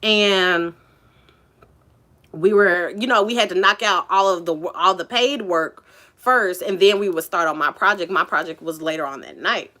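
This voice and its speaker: Woman vlogger spilling a story, lowish voice but bright and punchy, lots of likes, swears casually. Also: normal speed. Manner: chatty, many "like" and "you know" fillers. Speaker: vlogger telling a personal story.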